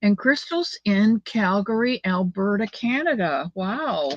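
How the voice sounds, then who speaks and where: Speaking at a measured pace with lively intonation, an older woman reads her viewers' comments during a casual livestream at home. Her pitch is medium, and the lo-fi recording is dull and dry with no room sound.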